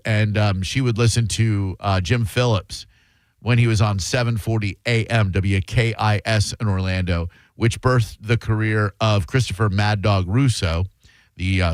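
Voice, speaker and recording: A man's voice: lowish voice, fairly even intonation, normal speed, no echo, clean studio sound. Self-mocking male radio host. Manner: rambling, self-mocking storyteller. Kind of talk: casual radio talk. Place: radio studio.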